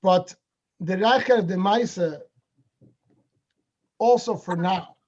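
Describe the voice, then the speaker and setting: A man with a high voice tells a story to a religious gathering and slips into the people he quotes as he goes. He comes through a video call, and the sound is dull and lo-fi. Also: slow pace. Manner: animated storyteller acting out dialogue. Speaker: speaker at a Hasidic gathering. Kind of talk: storytelling talk.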